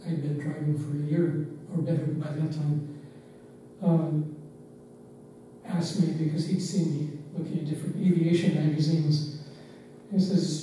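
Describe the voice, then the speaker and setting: An older man, once a driver and staff member, reminiscing in unhurried, reflective anecdotes with pauses. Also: on the high side, level tone, mellow. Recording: roomy, distant mic, faint background noise.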